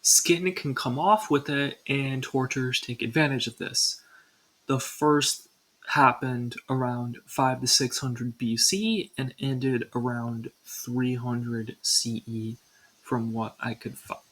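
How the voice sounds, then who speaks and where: Young woman, video narrator. Scripted ranking read, casual with dry asides, husky edge. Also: very deep voice, takes it slowly, rough recording. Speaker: video creator.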